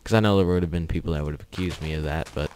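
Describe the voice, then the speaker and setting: A man's voice: a bass voice, very fast, darkish tone, smooth. A young man hosting a gaming channel, telling a story in a rambling, offhand way with chuckles while he plays. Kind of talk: casual commentary over gameplay.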